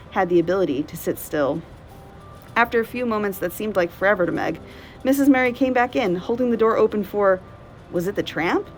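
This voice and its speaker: A woman librarian reading a novel aloud in steady, clear narration. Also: mid-range voice, low-quality recording.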